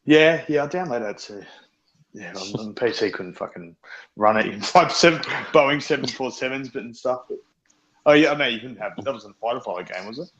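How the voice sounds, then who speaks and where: A man's voice: mid-range voice, animated, brisk, a bit bright. An Australian man co-hosting a podcast, chatting casually and rambling in a laid-back way, swearing now and then. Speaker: podcast co-host. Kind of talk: casual gaming chat. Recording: slightly dull lo-fi podcast audio.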